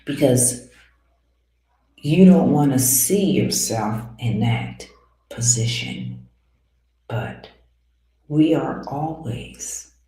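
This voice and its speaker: A spiritual teacher speaking earnestly to listeners, asking rhetorical questions, calling them dear ones and often dropping into soft whispers. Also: medium pitch. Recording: very echoey room.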